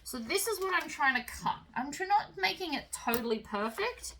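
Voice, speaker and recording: A woman's voice: sits high, animated, normal speed, sharp tone, slight background noise, low-quality recording. A woman giving a casual, chatty sewing tutorial, explaining each step as she works.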